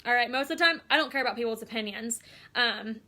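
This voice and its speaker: A woman's voice: a little high, quick pace, sharp tone. A young adult woman giving a casual, chatty training talk to her team, upbeat and full of fillers. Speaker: team leader.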